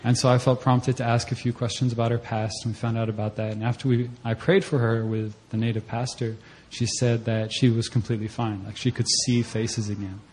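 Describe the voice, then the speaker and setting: Young man, church testimony, casual storytelling, mid-range pitch, animated re-enacting. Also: a little fast, hardly any pauses, a little hiss or hum. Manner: conversational storytelling, acts out his own reactions in a sharply rising voice. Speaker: church member giving a mission-trip testimony. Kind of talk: personal testimony at a church service. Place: church service.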